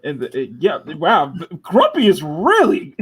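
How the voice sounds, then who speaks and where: A man's voice: high-pitched, huge pitch swings, a little slow, a bit bright, slightly rough. A man hosting a casual live stream chat, joking, laughing often and restarting his sentences. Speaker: host.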